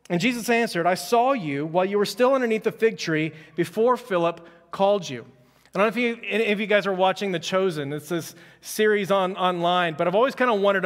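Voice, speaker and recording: A man's voice: high voice, long reverb tail. A man preaching a conversational sermon as pastor, reading scripture and adding joking asides. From Houston, Texas.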